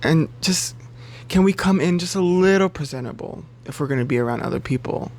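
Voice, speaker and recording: A man chatting casually to camera about books, animated and loose, swearing freely and jumping up in pitch for emphasis. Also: a little fast, a little hiss or hum. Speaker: bookseller and book vlogger.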